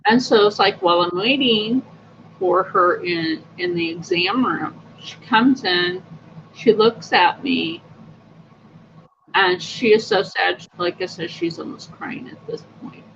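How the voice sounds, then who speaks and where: A woman's voice: mid-range voice, animated, slow pace, vocal fry, fairly bright tone. A woman hosting a casual livestream, telling personal stories in a chatty, upbeat, rambling way with many fillers. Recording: dull lo-fi audio with faint noise.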